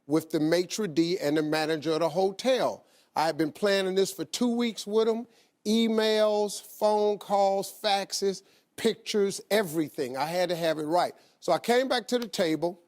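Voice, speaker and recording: Talk show host, middle-aged man, lively storyteller with a higher-pitched voice. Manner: animated storyteller, acts out quoted voices. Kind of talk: heartfelt storytelling.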